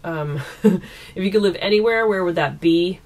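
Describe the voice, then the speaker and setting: Her voice is on the low side and darkish, moving at a moderate pace. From home, the East Coast Canadian woman giggles through a relaxed Q&A, answering viewers' questions into a camera mic.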